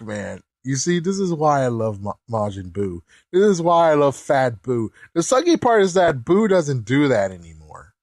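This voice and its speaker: A man hosting a casual episode commentary, excitable and chuckling, with mild swearing. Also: fairly high pitch, dry recording. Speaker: anime reaction host.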